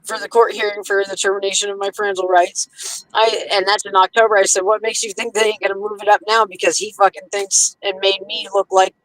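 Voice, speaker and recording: Woman guest, heated, swearing freely, mid-pitched voice, acts out quotes in her story. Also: level tone, a little fast, a bit bright, rough recording. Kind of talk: casual chat.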